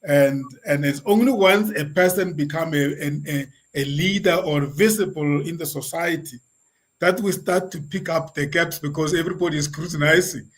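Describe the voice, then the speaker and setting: A man's voice: on the high side, normal speed, low-quality recording. A man hosting an online interview, speaking reflectively and repeating words as he thinks. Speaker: interviewer host.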